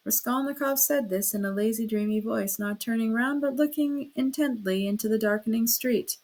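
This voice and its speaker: A woman narrating a classic novel as an audiobook reader, in a steady storytelling manner. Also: normal speed, few pauses. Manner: steady storytelling, raises pitch and volume for quoted speech. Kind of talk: scripted narration.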